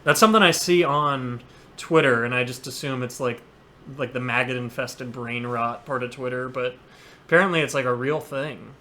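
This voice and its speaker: A man's voice: medium pitch, moderate pace, pushed and bright, slight background noise. A man hosting a casual podcast chat, laughing often and joking about himself. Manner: self-deprecating, laughs often. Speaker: podcast host.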